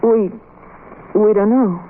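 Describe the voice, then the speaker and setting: A woman's voice: medium pitch, takes it slowly, lightly acted. An actress playing a frightened, pleading young working woman in a 1930s radio play, heard through a tinny, hissy old broadcast. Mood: anxious. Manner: anxious, pleading.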